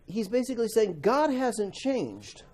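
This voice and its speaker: A man teaching a Bible class to students, animated, acting out quotes and asking the class questions. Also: sits high, unhurried.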